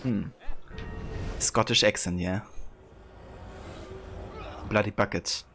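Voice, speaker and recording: A man's voice: lowish voice, steady tone, slow, a bit bright, soft background music. A man streaming a game, musing dryly and reading clues aloud as he plays. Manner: dry, musing, reads in-game text aloud. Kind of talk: casual let's-play commentary, reading clues aloud.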